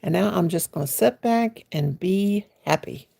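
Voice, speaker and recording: Gravelly-voiced woman in her sixties. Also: fairly low pitch, expressive, normal speed, dark tone. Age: 60s. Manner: chatty, greets viewers by name, homey and folksy. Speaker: crochet livestream host. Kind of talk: casual live-stream chat. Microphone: phone.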